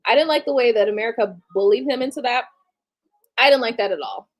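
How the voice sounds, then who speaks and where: Late-30s woman on a live stream, kinda high voice, blunt and candid, swears casually. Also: quick pace. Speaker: livestream host.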